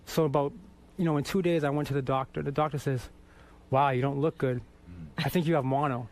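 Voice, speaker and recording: High-voiced profane man telling stories. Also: a little fast. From Boston. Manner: profane, animated anecdote-telling with laughter. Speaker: guest. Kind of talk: casual storytelling interview.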